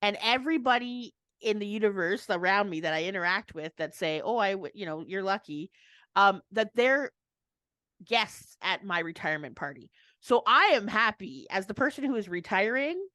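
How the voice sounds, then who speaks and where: A woman's voice: mid-range voice, animated, normal speed, pushed and bright, dry recording. A woman co-hosting a casual chat, rambling and laughing often as she restarts her thoughts. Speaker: co-host.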